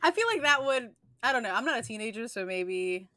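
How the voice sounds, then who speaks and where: A woman's voice: fairly high pitch, sing-song, a little fast, pushed and bright, no echo, clean studio sound. A young woman co-hosting a podcast, talking in a rambling way with many filler words. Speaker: podcast co-host. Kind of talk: casual chat.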